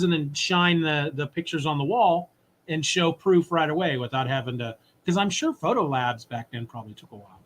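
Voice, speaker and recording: A man co-hosting a podcast, casually and animatedly retelling a comic story and briefly acting out its characters. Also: a little high. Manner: animated retelling, voices characters in quick asides. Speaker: podcast co-host. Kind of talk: casual comic recap chat.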